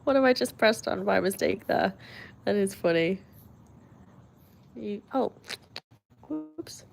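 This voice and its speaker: A woman's voice: mid-range voice, animated, slow, gravelly. A British woman hosting a livestream, chatting casually and reading out viewer comments with frequent laughs. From Britain. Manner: chatty, laughs often, friendly asides. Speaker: livestream host.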